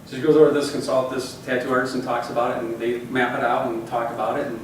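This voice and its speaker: A man's voice: mid-range voice, flat delivery, quick pace, noisy background. A man in his fifties telling a personal story to a group, in a folksy, rambling way with many "you know"s. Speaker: speaker addressing a group. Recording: echoey room, voice far from mic.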